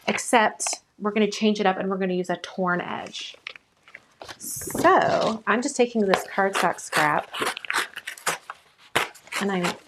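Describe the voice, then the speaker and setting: A woman with a medium-pitched voice hosts a live crafting demonstration against a noisy background. She has the hiccups but stays upbeat, chatting and narrating what her hands are doing.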